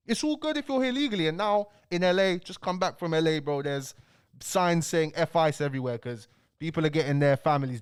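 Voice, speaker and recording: Ranting young man, slightly high. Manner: animated, ranting, fills lines with "bro" and "bruv". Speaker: commentary channel host. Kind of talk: casual political rant to camera.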